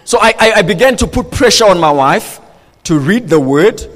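A pastor delivers a lively sermon in a notably high male voice. He keeps throwing rhetorical questions at his congregation. The sound rings with the long reverb of a large church hall. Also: normal speed.

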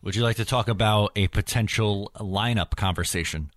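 Deep-voiced man leading a hockey chat. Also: normal speed, no echo, studio quality. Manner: steers the talk, cites stats. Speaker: hockey podcast host. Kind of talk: casual sports chat.

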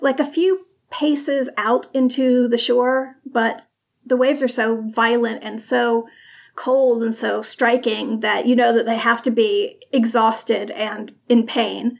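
A woman's voice: on the high side, creaky, dull audio. A woman narrating a tabletop game as game master, describing scenes vividly.

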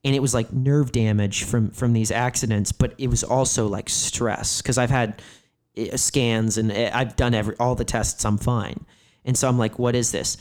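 A man's voice: mid-range voice, fairly even intonation, normal speed, a little mellow. A man in his thirties, a comedian, telling candid stories in conversation, rambling and leaning hard on "like", with frequent swearing. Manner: rambling, filler-heavy "like" phrasing, profane. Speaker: comedian guest.

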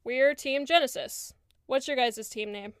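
Chatty, upbeat adventurer woman, clear and crisp, dry close sound, voiced by a woman running the game. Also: high voice, a little slow, no echo. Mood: friendly. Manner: friendly, upbeat. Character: cheerful chatty female human adventurer.

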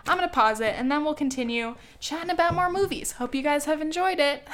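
A woman's voice: sits high, brisk, a bit bright. A young woman vlogger chatting casually and sarcastically about a movie, with lots of filler words, into a camera mic. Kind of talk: casual movie review chat.

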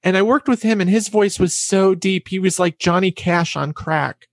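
A woman guest in a casual interview, telling quick anecdotes with a trained, deliberately raised voice and acting out what others said. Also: on the low side, no echo. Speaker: interview guest, former announcer and vocal coach.

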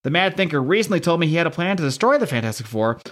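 A man's voice: fairly high pitch, very animated, very fast, fairly bright tone, voice pushed up. A man voicing a scheming older male villain who plots in cold, formal speech.

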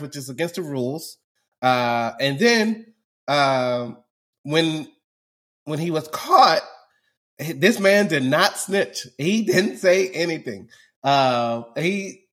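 Guy on a podcast mic, high voice, rants and laughs a lot. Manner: animated, ranting, laughs often. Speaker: podcast co-host. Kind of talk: casual chat.

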